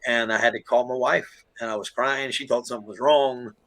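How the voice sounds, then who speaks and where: A man with a Southern US accent tells his own story in casual, folksy speech, full of "you know" and "man." His voice is bright and forward, and his emotion shows as he speaks. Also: mid-range voice, steady tone, brisk. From USA. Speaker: podcast guest telling his story.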